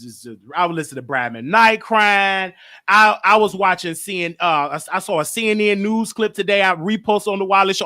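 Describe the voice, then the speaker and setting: A male show host speaking in a high voice with a bright, forward tone. He rambles and circles back on the same words, and he talks openly and emotionally about his own mental health. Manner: emotional, rambling, repeats himself. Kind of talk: casual monologue.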